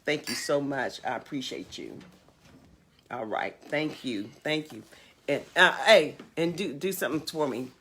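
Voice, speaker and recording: Bright-voiced older woman hosting a livestream. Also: sits low, a little hiss or hum. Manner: emphatic, drawn-out, animated selling and urging. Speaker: livestream host. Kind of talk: casual livestream chat and announcements.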